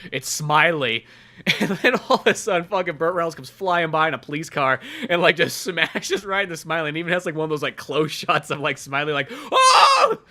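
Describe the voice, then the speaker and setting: A man's voice: fairly high pitch, fairly quick, bright, forceful tone. A man co-hosting a casual podcast, retelling film scenes with lots of swearing and laughter. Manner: laughing storyteller, swears a lot, acts out scenes. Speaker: podcast co-host. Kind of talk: casual movie review chat.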